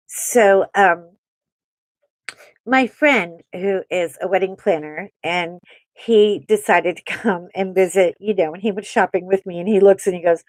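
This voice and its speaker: A woman hosting a casual livestream, chatting and telling a story while she draws, animated and acting out quotes. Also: fairly low pitch, unhurried, no room sound. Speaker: host.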